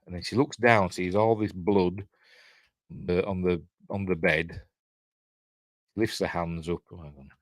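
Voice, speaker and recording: A man's voice: deep voice, steady tone, unhurried, long pauses, dry recording. A man with a Yorkshire accent hosting a film review, talking casually over the film with lots of fillers and chatty asides. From Yorkshire, England.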